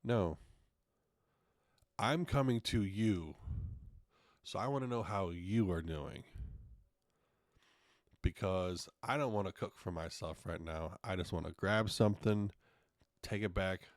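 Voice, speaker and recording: A man's voice: sits low, slow pace, pauses often, dry recording, clean studio sound. A man hosting a podcast, telling stories in casual solo talk, frank and a bit profane. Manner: frank, profane, acts out quotes in retelling. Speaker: podcast host.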